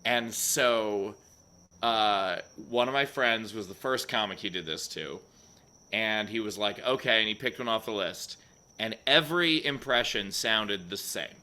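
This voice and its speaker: A man co-hosting a comedy podcast, telling an animated anecdote in casual chat. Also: fairly low pitch, a little slow. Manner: animated storyteller, laughs often.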